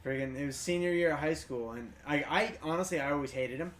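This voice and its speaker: A man's voice: fairly high pitch, quick pace, fairly bright tone, recorded from a distance. A young man co-hosting a podcast, telling a story in a rambling, profane way full of restarts. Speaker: podcast co-host. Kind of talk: casual storytelling chat. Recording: echoey room, faint noise.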